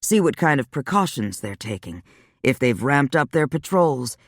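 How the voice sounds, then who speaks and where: A man voicing a weary, wry male vampire, speaking low and subdued in a dry audiobook reading. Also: big pitch swings, moderate pace, a bit bright, no room sound. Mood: steady.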